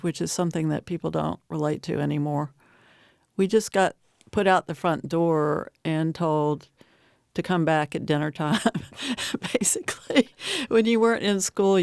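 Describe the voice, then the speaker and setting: Gravelly-voiced woman poet, dry studio sound. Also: low-pitched, a little mellow, no echo. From Appalachian Virginia. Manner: reflective, laughs often, speaks slowly at times. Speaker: poet and professor, guest. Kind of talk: casual interview chat.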